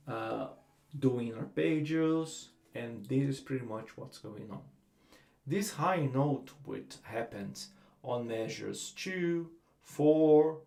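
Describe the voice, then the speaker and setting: A man with a Brazilian accent, giving a relaxed guitar lesson and explaining technique with frequent fillers. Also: mid-range voice, vocal fry. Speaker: guitar teacher. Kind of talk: instructional lesson.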